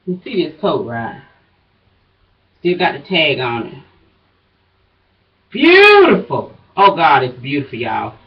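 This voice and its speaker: A woman's voice: extremely low pitch, animated, a little slow, creaky, pauses often. Breathless woman chatting to viewers. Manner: chatty, folksy, drawling asides. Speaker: vlogger. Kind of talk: casual chat to viewers. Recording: dull, distant home recording.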